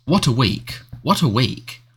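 A man's voice: medium pitch, sing-song, measured pace, a bit bright, husky, pitched above the performer's own voice, heavily acted. A man reading aloud, voicing a careworn, middle-aged male wizard minister who talks in a weary mutter.

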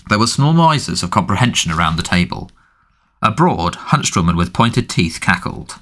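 A man narrating an audiobook in an expressive storytelling manner. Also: sits low, moderate pace. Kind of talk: scripted narration.

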